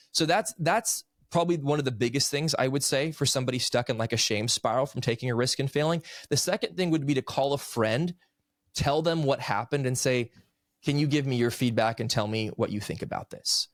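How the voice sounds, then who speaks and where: A man's voice: medium pitch, a little fast, dry recording, clean studio sound. Earnest man telling a personal story. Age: 30s. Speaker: podcast guest, author. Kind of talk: conversational storytelling.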